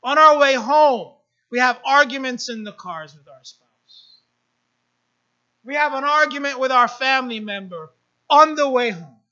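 A female pastor preaches in a high, bright voice, moving slowly and relying on repeated phrases that build in emphasis. She breaks off for quick asides to the congregation, and the recording has a dull, lo-fi quality.

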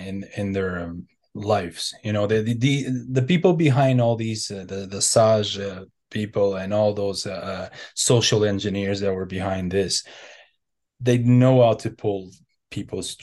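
A man talking in a casual interview, halting and earnest, with frequent restarts and fillers. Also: on the low side, darkish tone. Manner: hesitant, many restarts and fillers. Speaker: interview guest.

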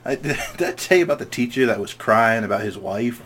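A young man co-hosting a casual podcast chat, telling animated stories and acting out the voices of the people in them. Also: medium pitch, a little fast, slight background noise. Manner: animated storyteller, acts out quoted voices. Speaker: podcast co-host.

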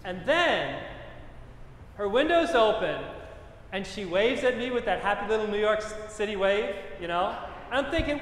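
A man's voice: high voice, big pitch swings, normal speed, fairly bright tone, a little hiss or hum. A middle-aged man, a pastor, preaching a sermon with emphatic repetition and personal stories. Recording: echoey hall with long reverb.

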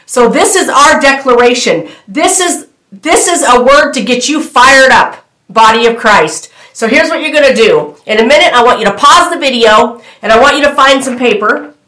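A woman's voice: a little high, lively intonation, moderate pace, pushed and bright. Fervent woman preaching in an echoey room. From United States. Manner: fervent, repetitive declarations, talks straight to viewers. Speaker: prophetic minister. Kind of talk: delivering a prophetic word to camera.

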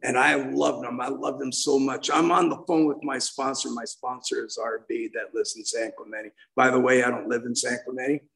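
An older man in his sixties tells his recovery story to a meeting, heartfelt and meandering. His voice is gravelly, with a middling pitch, and he keeps restarting his sentences. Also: steady tone, moderate pace, few pauses, a bit bright, low-quality recording. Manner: heartfelt, rambling, with many restarts. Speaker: main speaker at a recovery meeting. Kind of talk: personal recovery share.

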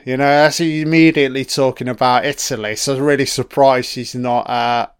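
A man doing a casual, profane film commentary, heckling the characters on screen, his throat a little croaky from illness. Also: medium pitch, steady tone, moderate pace, no echo, clean studio sound. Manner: profane, talks back at the screen.

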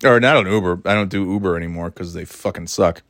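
A man's voice: sits low, quick pace, a bit bright, no room sound, studio quality. A man telling a long casual story, swearing freely and rambling with many asides. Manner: profane, rambling, exasperated.

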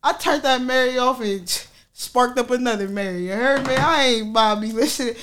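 A woman's voice: fairly high pitch, normal speed, a bit bright, a little hiss or hum. A woman telling viewers a personal story in a frank, slangy, profane way, laughing often. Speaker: vlogger sharing a personal story. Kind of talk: candid casual storytelling to viewers.

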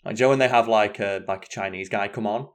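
Guy on a podcast, lowish voice, swears a lot, gets animated telling stories. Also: fast talker. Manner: chatty, sweary, animated storytelling. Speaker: podcast co-host. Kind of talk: casual chat.

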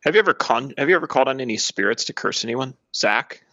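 A man's voice: medium pitch, animated, fast talker, pushed and bright, no echo. A man co-hosting a casual podcast chat, curious and easily amused. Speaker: podcast co-host. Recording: dull lo-fi sound.

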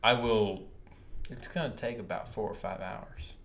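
A man's voice: fairly low pitch, fairly even intonation, measured pace, creaky. A man co-hosting a casual podcast, talking in a passionate, emphatic, ranting way. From United States. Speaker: podcast co-host. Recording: roomy echo.

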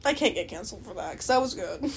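A woman's voice: mid-range voice, expressive, fast, gravelly. A young Canadian woman hosting a podcast, rambling casually, swearing a lot and laughing often. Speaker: podcast host. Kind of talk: casual solo chat.

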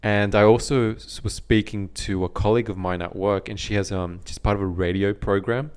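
A young Australian man with a neutral accent co-hosts a podcast, speaking in a fairly low, smooth voice at a fairly quick clip. His intonation stays fairly even as he chats casually and reflectively, often repeating himself while he thinks.

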